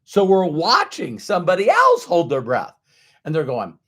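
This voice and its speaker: A man giving a motivational talk to an audience, acting out everyday inner voices in an animated way. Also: sits high, moderate pace. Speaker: motivational speaker.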